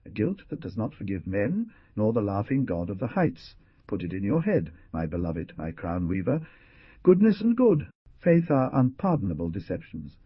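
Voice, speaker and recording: A man's voice: on the low side, breathy edge, no room sound. A man voicing a tortured young male prisoner who rants with feverish sarcasm, in a storybook reading. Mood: raving. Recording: dull lo-fi dry recording.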